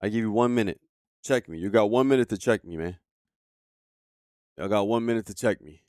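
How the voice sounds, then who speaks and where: A male streamer talks straight to his chat in a heated, profane rant. His voice sits low. The sound is dry and close, with no room around it. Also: a little fast, darkish tone, no room sound. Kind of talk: casual livestream commentary.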